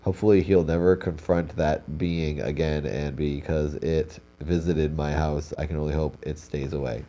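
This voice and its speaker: Young guy with a super low dark voice, stuffy nose, reading spooky stories and chatting in between. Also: steady tone, normal speed. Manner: reads stories aloud, breaks off with casual comments. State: congested. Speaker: host reading viewer stories. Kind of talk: live stream reading aloud with asides.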